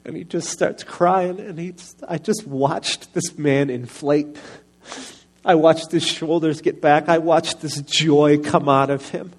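A middle-aged man preaching a personal testimony sermon into a microphone, earnest and confessional, often soft-spoken. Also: fairly high pitch, steady tone, slow pace.

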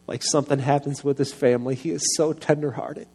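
A middle-aged man preaching a personal testimony sermon into a microphone, earnest and confessional, often soft-spoken. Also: mid-range voice, steady tone, a little fast, husky.

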